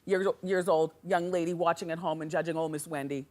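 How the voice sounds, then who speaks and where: A woman hosting a talk show, delivering an animated, sassy gossip monologue to a studio audience. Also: fairly low pitch, brisk. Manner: animated, chatty and sassy, laughing often. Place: television studio with a live audience. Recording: studio with audience noise behind.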